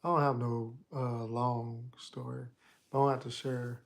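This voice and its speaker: A man hosting a casual video and talking to viewers in a halting way, with many "uh" and "um" pauses. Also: medium pitch, level tone, creaky. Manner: halting, lots of "uh" and "um". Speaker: host and dating reviewer.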